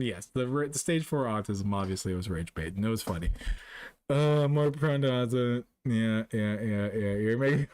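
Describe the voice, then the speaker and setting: Reading chat during a casual livestream, a Canadian man rants about vaccines, exasperated and swearing. He alternates between loud outbursts and quiet muttering, and the audio has no echo.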